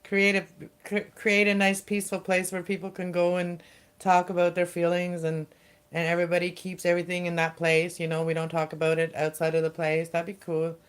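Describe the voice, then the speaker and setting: A middle-aged woman chats loosely on her livestream, wandering from thought to thought and stopping to restart. Her voice sits a little low and comes through smooth and clear. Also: monotone. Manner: rambling, halting, with many fillers and restarts. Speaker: livestream host. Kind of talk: casual livestream chat.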